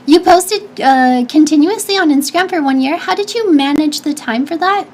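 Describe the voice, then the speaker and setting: A woman's voice: sits high, normal speed, darkish tone. A young woman streamer and engineering student, chatting casually and giggling as she answers viewer questions, with lots of fillers and restarts.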